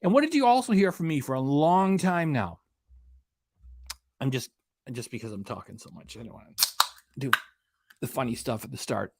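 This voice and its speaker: A man's voice: medium pitch, animated, normal speed, pauses often, a little mellow. A man hosting a reaction channel, ranting in an indignant, emphatic way and hammering home his points. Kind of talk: casual commentary rant.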